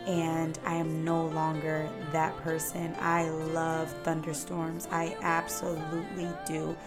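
A woman hosting her own podcast, giving an earnest and encouraging motivational talk straight to her listeners. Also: low voice. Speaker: podcast host. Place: at home indoors.

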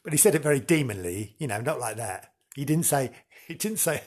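A man with a husky voice telling an old legend with a wink, stepping out of the story for jokey asides. His pitch sits in a middle range, and he paces the tale for suspense. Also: animated, fairly quick. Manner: theatrical, jokey asides, chuckles. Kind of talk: playful storytelling narration.

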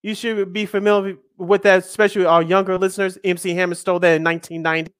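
A man's voice: high-pitched, little pitch movement, fast talker, fairly bright tone, clear, resonant tone, no echo, clean studio sound. A man in his thirties hosting a live sports radio show, chatty and jokey, reading out lists with emphasis. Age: 30s. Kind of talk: casual radio sports talk.

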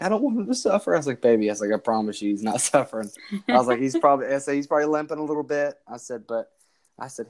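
A young man hosts a podcast in a fairly low, darkish voice. He rambles through a story in casual chat, restarting often and quoting back-and-forth exchanges.

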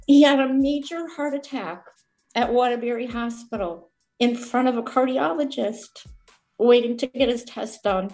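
A woman guest telling a personal family story in an interview, heartfelt and halting, with many fillers and restarts. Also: a little high, a little mellow, faint music behind.

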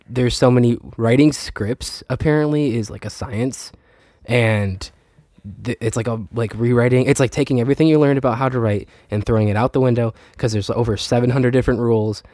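A man's voice: medium pitch, darkish tone, dry recording, clean studio sound. A young man co-hosting a podcast while sick and tired, with a nasal voice, rambling in casual chat with lots of hesitations. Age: young adult. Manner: rambling, self-deprecating, hesitant. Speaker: podcast co-host.

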